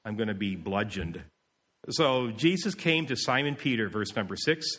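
A man's voice: lowish voice, lively intonation, moderate pace, fairly bright tone, slightly rough. Male pastor, emphatic sermon delivery, repeats his points, long hall reverb. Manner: emphatic, repeats key phrases, acts out quoted voices.

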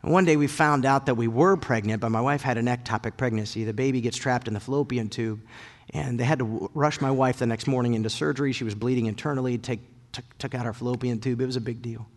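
A man in his thirties preaching a sermon and telling personal stories, lively and animated, his voice rising and getting loud when excited. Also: medium pitch, quick pace, long reverb tail. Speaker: pastor.

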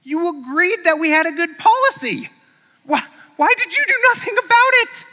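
A man's voice: on the high side, lively intonation, unhurried, pushed and bright, exaggerated voice. A man playing a stern, demanding male shepherd who hires and scolds a boy, in a preaching story. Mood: angry. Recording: echoey hall.

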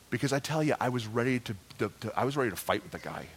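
A man's voice: mid-range voice, lively intonation, fairly quick, long pauses, a little hiss or hum. A man preaching a sermon, telling a story in a conversational style, with frequent restarts. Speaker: pastor.

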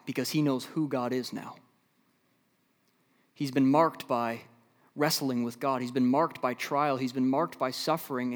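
A man preaching a sermon as a pastor, from the American Midwest, swinging between loud emphatic stretches and low, slow, quiet passages. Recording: long hall reverb.

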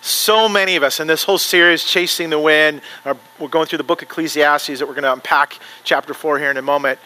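A male pastor giving a sermon in a church, moving from earnest prayer to chatty, animated storytelling. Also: on the high side, fast, clear, resonant tone, poor audio. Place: church sanctuary.

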